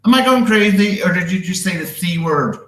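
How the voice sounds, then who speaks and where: A man's voice: high-pitched, lively intonation, fairly quick, fairly bright tone, pitched above the performer's own voice. A man voicing an outraged American woman in an audience, incredulous and indignant, in a roomy-sounding recording. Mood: scandalized. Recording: roomy echo.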